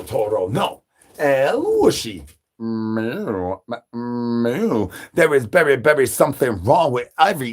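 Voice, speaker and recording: Husky man rattling off comic nonsense. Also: mid-range voice. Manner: rapid rhyming nonsense with repeated catchphrases; calls for brains like a zombie. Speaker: comedy streamer. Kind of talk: crude absurd comedy monologue.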